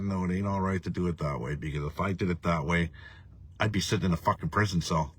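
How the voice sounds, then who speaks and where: A man's voice: sits low, fairly even intonation, quick pace, slightly rough. A man hosting a casual live stream, rambling and profane, reading viewer comments and laughing often. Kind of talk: casual ranting live chat.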